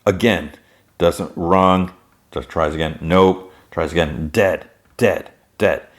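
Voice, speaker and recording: Low-voiced man casually recapping a show. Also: steady tone, slow. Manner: rambling, full of "like" fillers and restarts. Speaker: podcast host.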